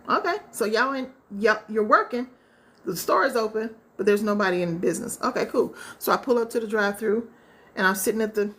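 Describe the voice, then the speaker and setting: A woman's voice: mid-range voice, a bit bright. A woman relationship coach talking casually to a live audience, telling stories and asking rhetorical questions, with features. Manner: conversational, storytelling with acted-out quotes and rhetorical asides. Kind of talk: casual live-stream talk.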